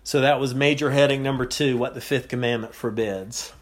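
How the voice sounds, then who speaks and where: A man preaching an expository sermon, teaching in a measured way with pauses and repeated phrases. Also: mid-range voice, steady tone.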